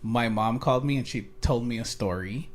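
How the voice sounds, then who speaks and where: A man's voice: mid-range voice, moderate pace. Laid-back podcast guy, casual slang, cracks little jokes. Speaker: podcast co-host. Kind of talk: casual chat.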